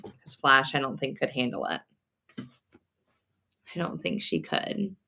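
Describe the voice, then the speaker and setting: Low, gravelly-voiced woman chatting. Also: very animated, measured pace, pauses often, a little hiss or hum. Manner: chatty, reads viewer comments aloud while sewing; thinks out loud, many fillers and restarts. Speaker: sewing live-stream host. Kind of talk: casual live-stream chat.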